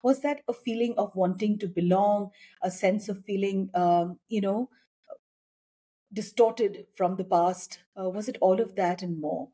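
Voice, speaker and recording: Husky, mellow-voiced woman podcast host. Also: medium pitch, steady tone, measured pace. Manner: warm intro, hesitant questions with fillers. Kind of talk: interview hosting.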